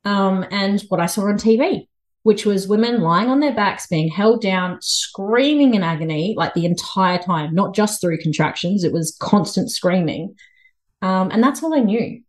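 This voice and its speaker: A woman in her thirties with an Australian accent, a podcast guest telling a story in a lively, chatty way and laughing often. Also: mid-range voice. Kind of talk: casual storytelling interview.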